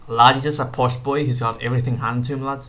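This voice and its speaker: A man's voice: mid-range voice, level tone, fast, a bit bright, natural voice. A man doing a clumsy comic impression of another man, ending every phrase with "lad". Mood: mocking. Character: mocking impression of a man who keeps saying "lad".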